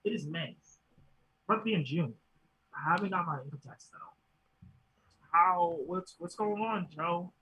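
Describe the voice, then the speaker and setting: A man co-hosting a podcast in casual chat, joking and animated, with halting restarts. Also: sits high, a little hiss or hum, low-quality recording. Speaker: podcast co-host.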